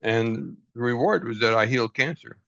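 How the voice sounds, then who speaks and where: An earnest man leading a group over a video call, his voice dull and lo-fi with little room sound. He speaks at a middling pitch, laughs often and acts out little exchanges as he tells a story. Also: normal speed, creaky, pushed and bright, dry recording. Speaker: group leader. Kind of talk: casual group talk.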